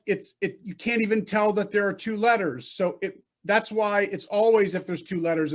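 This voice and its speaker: A man teaching a Hebrew class over a video call, patient and repetitive, often checking whether students follow. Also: high-pitched. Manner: patient, repeats and checks understanding.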